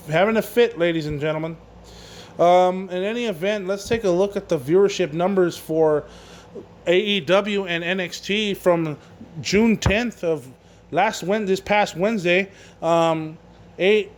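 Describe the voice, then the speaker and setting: A man hosting a wrestling podcast, rambling casually with frequent swearing and fillers. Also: high voice. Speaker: podcast host.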